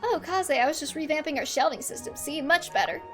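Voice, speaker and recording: A woman's voice: high voice, brisk, a bit bright, soft background music. A woman voicing a fiery, hardworking young woman soldier in a game scene. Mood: brisk.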